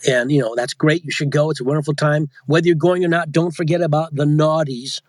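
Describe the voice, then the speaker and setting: A man with a fairly high voice chats loosely as an interview guest, restarting his thoughts and circling back as he explains. The sound is dry and close, with no room around it. He comes across as an audiobook narrator and coach talking shop. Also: fairly even intonation, brisk, no echo. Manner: rambling, self-interrupting, chatty. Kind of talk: casual interview chat.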